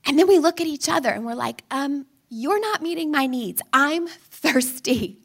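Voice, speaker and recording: A woman's voice: sits high, animated, normal speed, vocal fry. A woman in her thirties giving a sermon, telling family stories and acting out her own pleading and her child's cries. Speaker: speaker.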